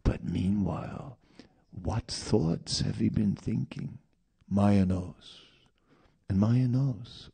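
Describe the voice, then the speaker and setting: A male preacher talks slowly and unhurriedly, in a low, gravelly voice. His tone is warm and husky, and he tells his story through rhetorical questions and asides. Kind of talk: sermon.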